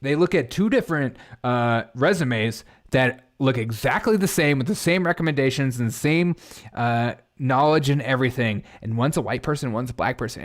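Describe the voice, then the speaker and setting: A man's voice: mid-range voice, lively intonation, moderate pace. A man hosting a live-stream commentary show, reacting to headlines and chat in a sarcastic, mocking way. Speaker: political commentary host.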